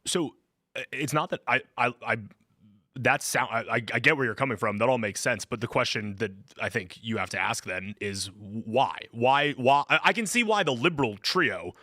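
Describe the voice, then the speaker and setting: A man's voice: mid-range voice, expressive, moderate pace, sharp tone, dry recording, studio quality. A man co-hosting a political talk show, pushing back with skeptical questions and stammering restarts.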